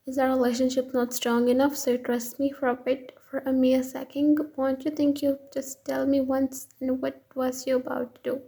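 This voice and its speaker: A woman reading the lines of an intense, possessive young boyfriend in a fan fiction story, with a husky, gravelly voice and no real change from her own. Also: high-pitched, level tone, moderate pace, hardly any pauses, warm tone, exaggerated voice. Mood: pleading.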